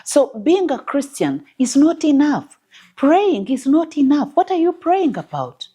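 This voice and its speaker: Woman counselor on a talk panel: warm, mellow voice with lively ups and downs, drives points home by repeating them. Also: sits high, a little slow. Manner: emphatic, teacherly, quotes scripture, repeats key points. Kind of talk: panel discussion on faith and marriage.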